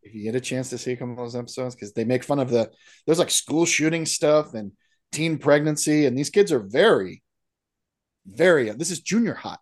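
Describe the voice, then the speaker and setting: A man's voice: mid-range voice, animated, fairly quick. A man co-hosting a movie podcast, chatting casually and joking, often trailing off and restarting. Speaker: podcast co-host. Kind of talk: casual chat.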